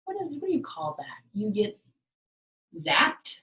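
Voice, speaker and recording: A woman leading a library program for small children, talking in a slow, sing-song way and often dropping to soft whispers. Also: medium pitch, huge pitch swings. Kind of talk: teaching preschoolers. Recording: voice a bit distant from the mic.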